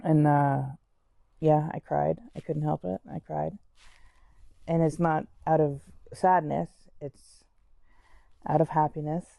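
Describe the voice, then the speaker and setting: A woman speaks candidly about her own life, talking conversationally and circling back over her words. Her voice is dark and a little gravelly, and the recording is dry and close with no room sound. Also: low-pitched, no room sound, lo-fi sound. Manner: candid, conversational, with frequent restarts and "like". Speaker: interviewee sharing her story. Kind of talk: personal storytelling.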